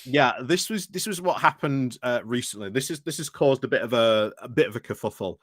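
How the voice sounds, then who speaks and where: A man's voice: medium pitch, brisk, dry recording, studio quality. A man talking through world news in a casual chat, explaining at length. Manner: explains at length, with fillers and restarts. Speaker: regular guest.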